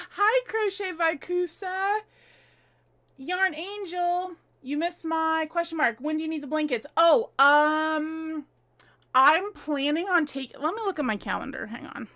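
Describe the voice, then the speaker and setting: A woman's voice: extremely high pitch, a little slow, pushed and bright. A woman in her thirties hosting a live stream from her home, chatting casually, answering viewer comments and laughing often.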